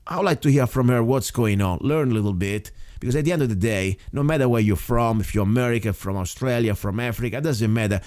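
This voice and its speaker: A man's voice: mid-range voice, fast talker, hardly any pauses, darkish tone, no echo, clean studio sound. A man hosting a radio show, speaking English in an emphatic, rambling way. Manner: emphatic, rambling, non-native phrasing. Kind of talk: casual radio talk.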